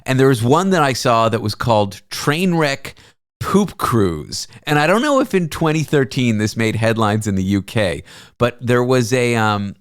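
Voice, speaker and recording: A man's voice: medium pitch, very animated, moderate pace, clear, resonant tone, dry recording. Male talk host, casual and rambling, jokes at his own expense; dry, close sound. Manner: rambling, self-mocking, laughs often. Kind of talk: casual comedic chat.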